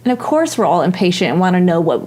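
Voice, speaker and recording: A woman's voice: on the low side, very animated, fast, a little mellow. Female host, life coach, casual and chatty, filler-heavy delivery. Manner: chatty, agreeable, many "like"s and "you know"s. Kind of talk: casual chat.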